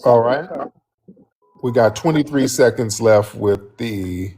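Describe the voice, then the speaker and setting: A man's voice: medium pitch, takes it slowly, mellow, soft background music. A man hosting a live stream, talking casually and joking with his viewers. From United States.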